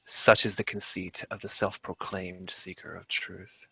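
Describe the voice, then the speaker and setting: A man voicing a menacing armored warrior, speaking slowly in a deep whisper. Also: level tone, gravelly, pushed and bright, husky, no echo, full character voice. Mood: ominous. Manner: slow, solemn pronouncements. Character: menacing armored male warrior, cold and ominous.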